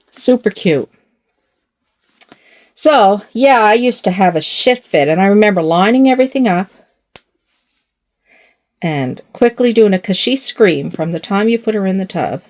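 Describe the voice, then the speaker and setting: A woman's voice: mid-range voice, a little mellow. Rambling, chuckling older woman. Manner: rambling, self-mocking, chuckling often. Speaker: doll channel host. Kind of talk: casual chat while dressing a doll.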